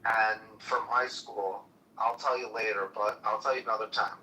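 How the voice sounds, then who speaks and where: A man on a phone call, talking in halting, hesitant phrases that trail off. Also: on the low side, steady tone, bright, forceful tone, a little hiss or hum. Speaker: caller. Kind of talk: casual phone chat.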